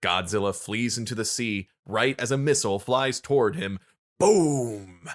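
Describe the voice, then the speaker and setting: A man co-hosting a podcast, chatting casually and recapping episodes in a relaxed storytelling way. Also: lowish voice, moderate pace. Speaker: podcast co-host.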